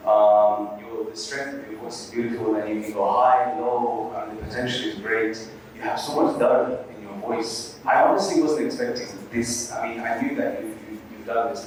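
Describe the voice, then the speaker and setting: A man's voice: fairly low pitch, darkish tone, slight background noise. A man hosting and judging a recitation contest, giving encouraging feedback full of religious phrases. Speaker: competition host and judge. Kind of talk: live event judging feedback. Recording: echoey hall from far off.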